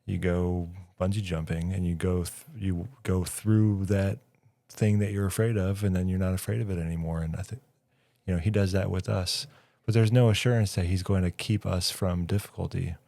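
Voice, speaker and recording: A man as a studio guest, speaking in a calm, measured way about faith and hardship. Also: low voice, creaky, no room sound. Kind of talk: reflective conversation.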